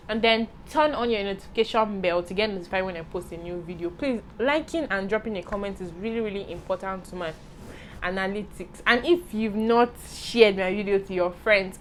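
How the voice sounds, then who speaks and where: A woman's voice: medium pitch, brisk, a little hiss or hum. A young Nigerian woman with a Nigerian accent, chatting playfully through a casual Q&A vlog and dropping into pidgin and Yoruba asides. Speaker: vlogger.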